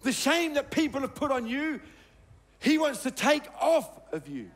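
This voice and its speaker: A middle-aged man preaching a sermon as a pastor, telling a personal story with emphatic, sometimes hushed delivery. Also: very high-pitched. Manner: emphatic, storytelling, dropping soft on key words.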